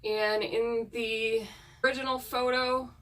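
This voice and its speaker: A woman's voice: on the high side, little pitch movement, takes it slowly, fairly bright tone, far from the mic. A woman who hunts ghosts, talking earnestly in a casual chat with her viewers. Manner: chatty and earnest, with frequent fillers. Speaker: paranormal investigator vlogger.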